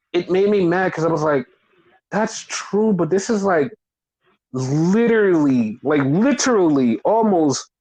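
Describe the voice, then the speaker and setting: Brief: excitable male podcast co-host, casual and profane, pitch leaps when quoting others. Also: rough recording. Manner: animated, profane, acts out quotes. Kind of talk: casual wrestling chat.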